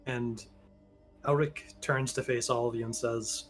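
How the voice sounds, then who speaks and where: A man's voice: mid-range voice, steady tone, measured pace, over music. Man running a tabletop game. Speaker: game master.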